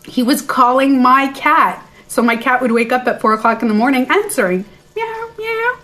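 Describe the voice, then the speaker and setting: A woman coach telling a personal story on a livestream, animated and chatty, blunt and now and then profane, into a phone mic. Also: sits high, fairly quick, faint music behind. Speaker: beauty and life coach.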